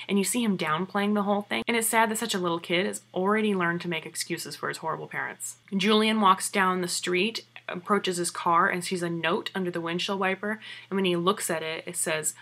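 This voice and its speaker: A woman giving a chatty, excited recap of a TV episode and asking her viewers questions. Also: on the low side, moderate pace, few pauses.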